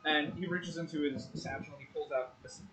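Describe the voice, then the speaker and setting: A man narrating as game master for a tabletop game, playful and animated. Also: fairly high pitch, brisk, roomy sound, a little hiss or hum, low-quality recording.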